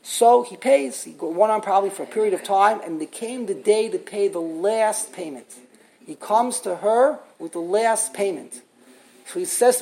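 A woman's voice: medium pitch, moderate pace, creaky, a little mellow, poor audio. A woman teaching a religious class. She tells a story earnestly and often repeats words while she searches for the next thought.

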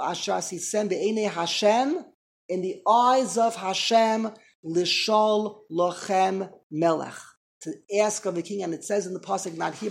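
A man teaching a Torah lesson, impassioned, with halting restarts that build to loud emphatic peaks. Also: high voice, creaky. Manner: halting restarts and repeated words.

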